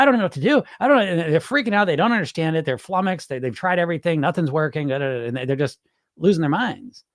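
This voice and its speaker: A man's voice: a little high, dry recording, clean studio sound. A man who coaches weight loss through hypnosis, hosting a casual live chat in which he answers viewers' comments, speaking candidly, swearing freely and repeating himself.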